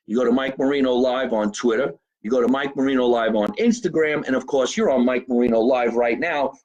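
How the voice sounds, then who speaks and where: A man's voice: mid-range voice, darkish tone, husky, low-quality recording. A middle-aged man, a comedian hosting his own live show from a home basement, talking casually, swearing, and plugging his channels. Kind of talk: casual live-stream monologue.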